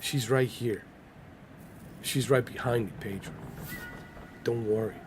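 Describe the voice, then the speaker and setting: A man's voice: mid-range voice, slow, noisy background. A man casually commenting on a game during a livestream, loose and joking as he banters with his chat. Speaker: gaming livestreamer.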